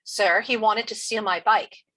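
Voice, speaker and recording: A woman reading aloud as a smug teenage boy telling a convincing lie, her voice husky. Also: medium pitch, steady tone, measured pace, sharp tone, low-quality recording.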